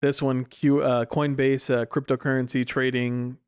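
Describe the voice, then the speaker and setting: A man's voice: medium pitch, level tone, normal speed, smooth, dry recording, clean studio sound. A young man co-hosting a podcast, chatting casually and loosely with filler words and laughs. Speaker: podcast co-host. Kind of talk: casual chat.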